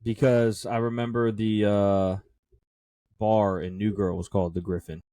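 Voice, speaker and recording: A man with a low, mellow voice, recorded dry and close. He reads quiz questions aloud in an easygoing podcast chat, laughing often and thinking out loud about the answers. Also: flat delivery, a little slow, no room sound. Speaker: podcast co-host reading trivia questions. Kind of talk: casual chat.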